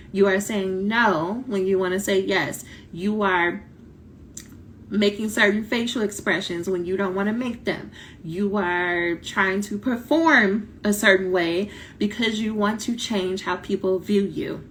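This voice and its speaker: A woman coaching doctoral students in a casual live talk, blunt and lively, acting out quoted voices, her voice starting to tire. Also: mid-range voice, a little hiss or hum. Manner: animated, blunt, talks directly to viewers, acts out quoted voices. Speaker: dissertation coach.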